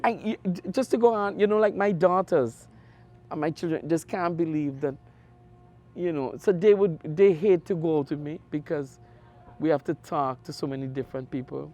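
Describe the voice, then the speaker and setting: A middle-aged man with an Antiguan accent, a radio sports host telling stories in an interview, animated with big jumps in his voice. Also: a little high, moderate pace, faint music behind. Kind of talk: conversational interview storytelling.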